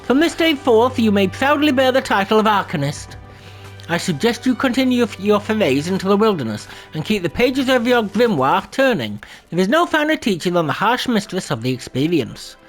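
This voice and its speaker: A man voicing a stately male magic guild master in formal, measured speech. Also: high voice, very animated, soft background music, voice pushed up, low-quality recording.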